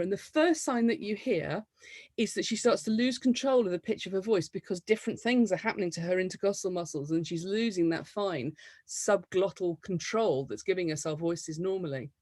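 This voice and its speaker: A woman's voice: mid-range voice, no room sound. Dry, close-mic'd woman lecturing. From United Kingdom. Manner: lively, explanatory. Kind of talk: academic lecture.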